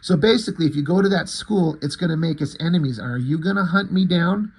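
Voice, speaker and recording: A man's voice: on the high side, fairly quick, a little mellow, husky. A man reading out the lines of a fiery young female thief from a comic, insistent and accusing.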